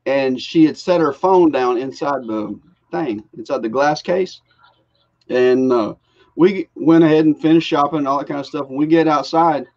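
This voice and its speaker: A middle-aged man, co-hosting a casual live show and telling stories with lively quoted voices. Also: a little high. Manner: animated storyteller acting out quoted voices. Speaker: co-host of a live reseller show. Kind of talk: casual chat. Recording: muffled lo-fi live stream audio.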